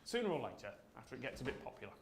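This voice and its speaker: A man's voice: medium pitch, sing-song, racing, a little hiss or hum. A man presenting a scripted explainer in a wry, storytelling manner. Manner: wry, storytelling, self-deprecating.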